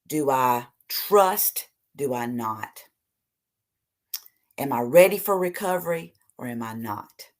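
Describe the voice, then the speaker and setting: A woman with a low voice gives an earnest motivational talk about recovery. She reads short passages aloud, then preaches on them, sometimes pushing hard and sometimes dropping to near-whispers. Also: slow. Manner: earnest, preachy, animated with sudden soft drops. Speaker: recovery speaker.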